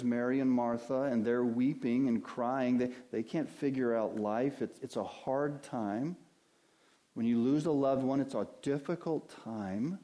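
A man preaching a sermon in an earnest, preacherly way, dropping to hushed lows and rising to loud impassioned highs. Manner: earnest, preacherly, addresses listeners as beloved.

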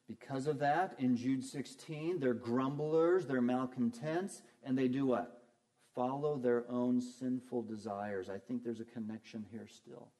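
Pastor guy preaching, mellow warm tone, earnest, keeps asking the crowd questions then answers em. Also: medium pitch, fairly even intonation, a little slow. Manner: earnest, asks and answers his own questions. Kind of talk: sermon.

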